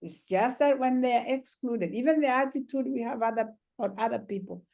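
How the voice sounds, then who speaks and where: Mellow-voiced woman healer, gentle and reflective. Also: a little high, a little fast, creaky. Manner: gentle, reflective, many "you know"s. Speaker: trauma healer, interview guest. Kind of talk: conversational storytelling.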